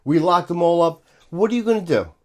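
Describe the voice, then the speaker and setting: A man's voice: sits high, expressive, a little fast, a little mellow. A man, a police officer giving a profane, scornful ranting commentary.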